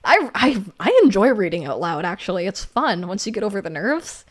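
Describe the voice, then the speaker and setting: A woman in casual livestream chat, reading viewer comments aloud in a voice of middling pitch. She is playful and giggles often, jumping to squeaky exclamations when something surprises her. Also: very animated, fairly quick. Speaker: livestream co-host.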